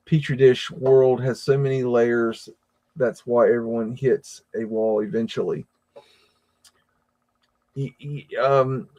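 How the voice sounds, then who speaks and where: An American man hosting a live stream, chatting casually and reading viewer comments, with a rambling, halting delivery full of repeated words and fillers. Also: medium pitch, darkish tone. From United States. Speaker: livestream host reading chat.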